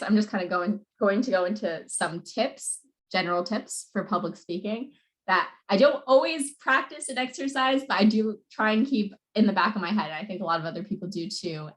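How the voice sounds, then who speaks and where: A young woman coaching on public speaking in a casual talk, speaking quickly with many fillers. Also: mid-range voice, a bit bright. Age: young adult. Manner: fast-talking, many "like" and "you know" fillers.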